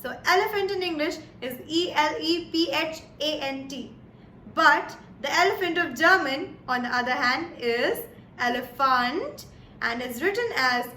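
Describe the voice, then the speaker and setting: A woman's voice: high voice, lively intonation, measured pace, bright, forceful tone. A woman from India teaching a German lesson, who says each word twice and often checks in with "Yes?" and "All right?". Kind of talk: slow, patient lesson delivery. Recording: echoey room with faint background noise.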